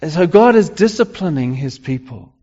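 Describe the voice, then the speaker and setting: A man preaching a sermon in a halting way, with frequent restarts and fillers. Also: on the high side, animated, warm tone. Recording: dull lo-fi recording with long hall reverb.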